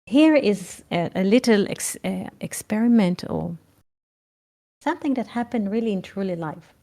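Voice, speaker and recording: Slow, halting woman. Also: medium pitch, lively intonation, warm tone. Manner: halting, searching for words. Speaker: spiritual teacher. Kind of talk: reflective spoken talk.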